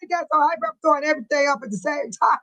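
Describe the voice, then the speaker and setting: A woman's voice: high voice, sharp tone, low-quality recording. A middle-aged woman hosting a casual livestream, chatting animatedly with her viewers and reading comments and news aloud. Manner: reads news aloud haltingly.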